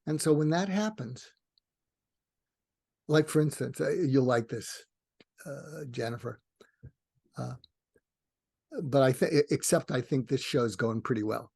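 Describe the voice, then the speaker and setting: A man's voice: mid-range voice, unhurried, gravelly, long pauses, no echo, studio quality. An older man, a retired psychiatrist, telling rambling personal stories as a podcast guest. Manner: rambling, tangential, warm storyteller. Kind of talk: casual storytelling interview.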